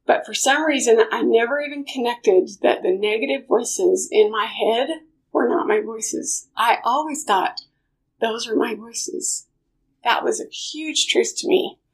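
A middle-aged woman with a high, light voice tells a personal story. She talks with strong emotion and leaps into loud, high-pitched outbursts at the tense points. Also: a little slow, gravelly. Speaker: speaker sharing a personal story. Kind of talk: personal testimony talk.

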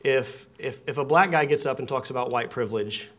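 A man talking casually at home, thinking out loud and tripping over his own words. His voice sits at an ordinary middle pitch. The pace is unhurried and conversational. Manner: halting, repeats words while thinking aloud. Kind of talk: casual conversation in a living room. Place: living room.

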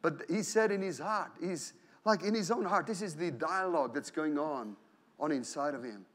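In church, a man preaches with great animation, voicing prayers and inner thoughts as characters. He often repeats himself and starts phrases over. He's a pastor whose voice sits on the high side, moving at a normal speed.

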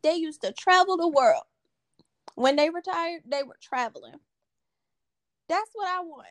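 Woman, podcast host, earnest and emphatic, unhurried delivery, dry close sound. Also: extremely high pitch, expressive, fairly bright tone, no room sound. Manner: earnest, emphatic, repeats key phrases for stress. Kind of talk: casual podcast conversation.

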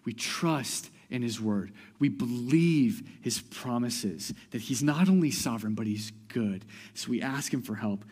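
A pastor giving a sermon, talking conversationally with restarts and building to loud, emphatic passages. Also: male voice, mid-range voice, animated, unhurried, few pauses, breathy edge, in a large hall.

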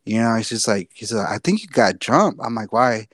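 A man's voice: lowish voice, expressive, normal speed, a bit bright, no echo, clean studio sound. Casual, swearing young man telling a story. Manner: loose, profane, repeats himself. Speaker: podcast co-host.

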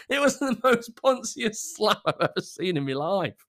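A British man hosting his channel, chatting casually to his viewers in a jokey, sarcastic and sweary way, with loud outbursts and muttered asides. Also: high voice, big pitch swings, moderate pace. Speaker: channel host.

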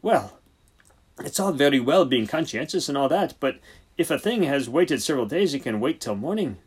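A man voicing a preachy, husky senior vet. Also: mid-range voice, expressive, moderate pace, a little mellow, voice pushed up. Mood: grumbling. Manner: brusque, preachy, theatrical. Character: exasperated, lecturing senior country vet, man. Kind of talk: audiobook character voice.

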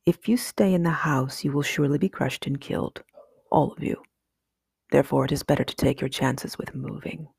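A woman reading aloud, voicing a wise, stern old male owl who speaks slowly and formally. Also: extremely low pitch, gravelly, darkish tone, breathy edge, dry recording, studio quality, heavily acted. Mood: grave. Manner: slow, grave and formal.

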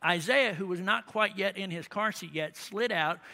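A man's voice: high voice, moderate pace, bright, forceful tone. A middle-aged man preaching, telling a family story in a folksy, rambling way with many asides and tag questions. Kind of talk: sermon storytelling.

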